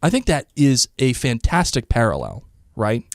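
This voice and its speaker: Podcast co-host, male, mid-pitched, animated and chatty, dry close sound. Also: normal speed, no room sound. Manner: animated, quotes characters in put-on voices. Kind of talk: casual chat about a TV episode.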